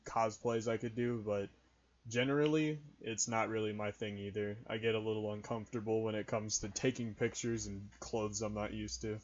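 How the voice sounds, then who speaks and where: A man's voice: fairly low pitch, level tone, normal speed. Rambling teen guy, dull mic. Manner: rambling, many "like"s, playful teasing. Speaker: podcast co-host asking questions. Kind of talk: casual podcast chat.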